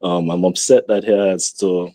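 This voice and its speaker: A man's voice: low voice, fairly even intonation, normal speed, warm tone, no room sound. A man in an online debate, conciliatory and hesitant, often repeating himself. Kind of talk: online debate closing statement.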